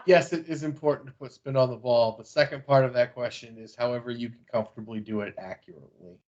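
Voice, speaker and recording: A man's voice: medium pitch, steady tone, fast talker, a little mellow, lo-fi sound. A man co-hosting a podcast, teasing the others with dry humor. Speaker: podcast co-host. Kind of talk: casual banter.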